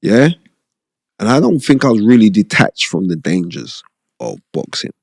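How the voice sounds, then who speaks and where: A middle-aged man with a low, gravelly voice talks through his boxing days in a relaxed interview. He rambles warmly and keeps throwing in "you know what I mean?" The sound is close and dry, with no room around it. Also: moderate pace, no echo. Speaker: former boxer, podcast guest. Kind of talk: casual interview storytelling.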